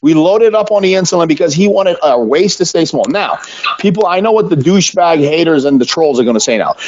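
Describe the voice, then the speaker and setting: A middle-aged man hosting a podcast, telling stories in a blunt, profane, animated way. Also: a little high, fairly quick. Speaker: podcast host. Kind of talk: casual chat. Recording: dull lo-fi sound.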